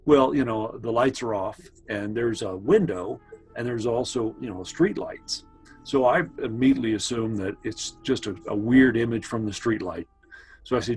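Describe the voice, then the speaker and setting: Faint music plays behind a man with a medium-pitched, darkish voice talking at a moderate pace, and the recording quality is low. Casual and rambling, he shares old family stories with his brother, turning aside to speak to him at times.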